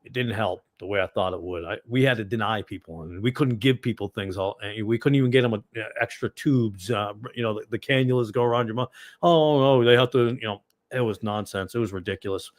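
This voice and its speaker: A man with a Boston accent hosting a ministry livestream, chatting casually and answering viewers in a rambling, digressive way with sudden loud bursts. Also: on the low side, a little fast, no echo, clean studio sound. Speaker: ministry host.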